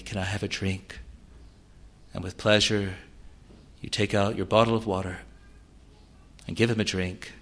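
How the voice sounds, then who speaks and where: Male preacher, earnest sermon delivery, slow measured pace, rises and falls in volume. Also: on the low side. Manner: earnest, swells loud on key words then drops soft.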